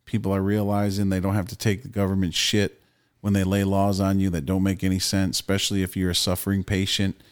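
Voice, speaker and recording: A low-pitched man co-hosting a relaxed podcast. He talks loosely and bluntly, swearing as he reads out and riffs on news stories. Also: brisk, clean tone. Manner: loose, profane, opinionated. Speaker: podcast co-host. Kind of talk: casual podcast chat.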